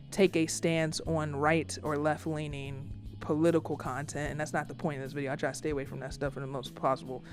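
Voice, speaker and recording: A man vlogging casually from a small room with acoustic panels, ranting in a rambling, animated way and slipping into quick exaggerated voices for the people he imagines. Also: a little high. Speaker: YouTuber. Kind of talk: casual vlog rant to camera.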